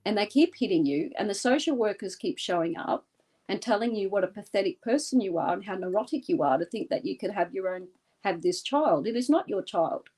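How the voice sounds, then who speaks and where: A woman's voice: mid-range voice, expressive, darkish tone, husky. Intense woman from Australia guiding a scene. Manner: intense, deliberate, vivid storytelling. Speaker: guest. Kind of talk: guided visualization in an interview.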